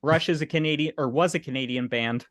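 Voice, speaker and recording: Relaxed male podcast host. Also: fairly high pitch, quick pace, dry recording, clean studio sound. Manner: relaxed, sharing fun facts. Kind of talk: casual chat.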